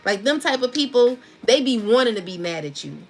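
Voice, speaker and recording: A woman's voice: on the high side, very animated, fairly quick, darkish tone. A woman giving a casual spiritual tarot reading, talking in a chatty, slangy, laughing way. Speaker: tarot reader.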